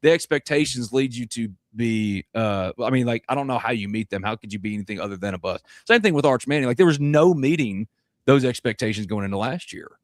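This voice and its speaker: A rambling man in his thirties hosts a casual sports chat at a mid pitch. His voice is dry and close, with no room sound. He talks loosely and fills gaps with fillers. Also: animated, brisk, no echo. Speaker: podcast host.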